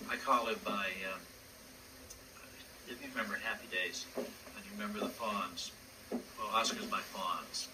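A puppeteer telling stories in an interview, with a hesitant delivery full of fillers and acted-out voices. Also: male voice, lowish voice, a little slow, long pauses. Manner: hesitant, frequent fillers, acts out voices in anecdotes. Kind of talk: storytelling interview. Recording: distant mic with background noise.

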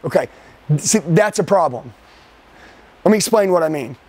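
A man with a fairly high, slightly rough voice and lively intonation leads a team's live sales training. His tone is forceful, full of rhetorical questions, and he quickens and slows his pace to make points land.

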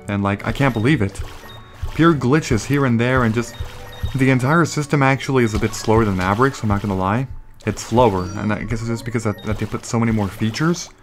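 A young man doing let's play commentary at home, rambling and ranting and breaking off with exclamations at the game. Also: fairly low pitch. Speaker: gaming YouTuber. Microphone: desktop USB microphone. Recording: crackling, popping home mic.

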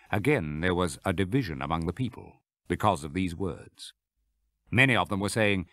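Low voiced man reading the bible aloud, measured, dry close mic. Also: sing-song, fairly bright tone, dry recording. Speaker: audio Bible narrator. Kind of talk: scripture reading.

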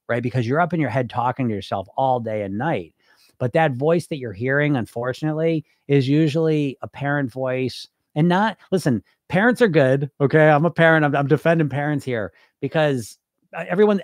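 A man's voice: mid-range voice, no room sound, studio quality. A man who works as a weight loss hypnosis coach, chatting casually on a livestream, reading viewer comments and swearing now and then.

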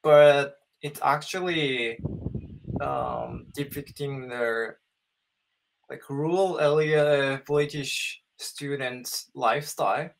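A man's voice: medium pitch, fairly even intonation, slow pace, gravelly. A man in his thirties from Japan with a Japanese accent, practicing English in a casual chat on a video call, hesitating often and searching for words. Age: 30s. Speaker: English learner.

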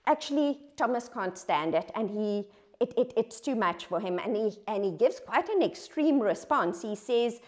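A woman's voice: on the high side, animated, moderate pace. A woman preaching a sermon in an earnest, conversational, reflective way, asking rhetorical questions.

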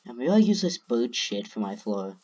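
A man's voice: mid-range voice, very animated, normal speed, muffled recording, background noise. A man narrating his own gameplay, talking to himself and swearing constantly. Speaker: gamer. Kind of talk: let's play commentary.

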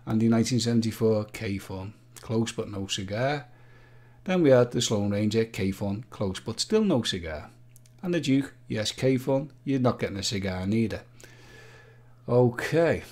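A man hosting a live-stream quiz, chatting playfully and joking with the viewers. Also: medium pitch. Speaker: livestream quiz host.

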